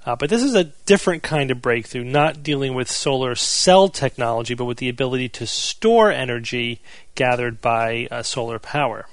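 A man's voice: mid-range voice, normal speed, dry recording. Dry-sounding man hosting news chat. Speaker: podcast host.

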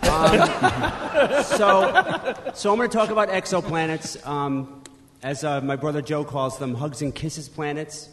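A man's voice: on the high side, a little slow, fairly bright tone, slight background noise. Chatty man on a live stage. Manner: chatty, self-deprecating, restarts often. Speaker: co-host. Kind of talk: casual science chat. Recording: reverberant live hall.

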